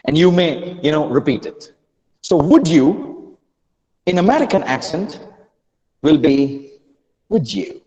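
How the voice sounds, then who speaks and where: A little high and a little slow with long pauses, this man's voice carries big-room sound with the highs cut off. As an accent and pronunciation trainer in an online lesson, he coaxes students animatedly and keeps restarting his sentences.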